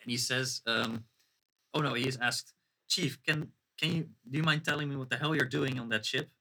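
A man's voice: medium pitch, steady tone, normal speed, pushed and bright. A man quizzing a friend by reading out oddly translated movie and game quotes in casual chat, laughing often. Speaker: quiz host.

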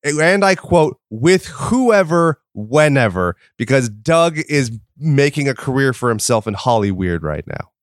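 A man's voice: medium pitch, lively intonation, normal speed. A man with a heavy cold speaks in a nasal, congested voice. He riffs sardonically with his co-host, acting out quoted lines. The sound is dry and close, with no room echo. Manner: sardonic, storytelling with quoted asides. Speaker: podcast co-host. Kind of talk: casual banter.

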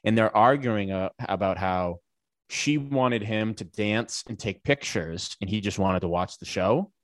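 A man casually telling a long, animated anecdote on a podcast, with lots of swearing. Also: lowish voice, measured pace, dry recording, studio quality. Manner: animated, profane anecdote telling with acted quotes. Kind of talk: casual storytelling chat.

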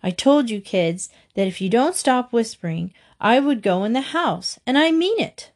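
A woman's voice: fairly high pitch, lively intonation, moderate pace, close to an everyday voice. A woman voicing an upset, bossy young girl in a storybook reading.

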